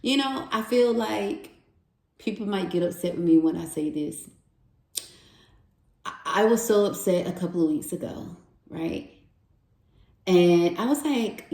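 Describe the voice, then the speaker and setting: A woman speaks in an unhurried, heartfelt way as she gives a tarot reading, repeating encouraging affirmations again and again. Her mid-range voice bounces around a reverberant room, and she never rushes a phrase. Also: medium pitch, expressive, a little mellow. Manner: earnest, repeats affirmations over and over. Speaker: tarot reader. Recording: roomy echo.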